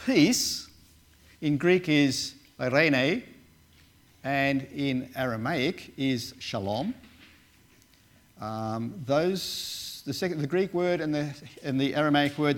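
A man who once worked as a Bible translator, giving a casual sermon and talking through slides with many fillers and restarts. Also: medium pitch. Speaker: preacher, former Bible translator.

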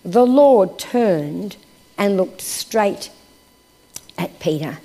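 A woman delivering a sermon in a voice of middling pitch. She works through scripture passages with real expression, rising on key points and sinking to a near hush on sombre lines. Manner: expressive, swinging from raised emphasis to hushed, slow phrases. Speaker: preacher.

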